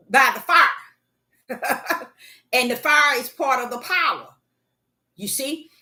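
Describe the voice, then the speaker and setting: A woman's voice: mid-range voice, sharp tone. A woman preaching a sermon, repeating herself and stumbling on fillers as she makes her points. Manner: repetitive, emphatic, many fillers and restarts. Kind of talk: sermon teaching.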